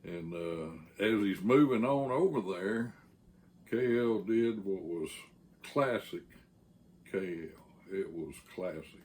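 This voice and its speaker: A Texan man tells a yarn in an unhurried drawl, pitched a little low. He rambles along, stopping often on a drawn-out "uh" before he picks the thread back up. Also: expressive, darkish tone. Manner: rambling, frequent "uh" pauses. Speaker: channel host and storyteller. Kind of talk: casual storytelling.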